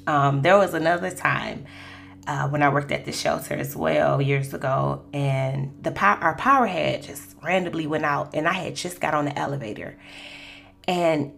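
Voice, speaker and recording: Gravelly low-voiced woman sharing testimony. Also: moderate pace, fairly bright tone. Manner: conversational, storytelling, frequent "you know". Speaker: podcast host. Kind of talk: Christian testimony podcast.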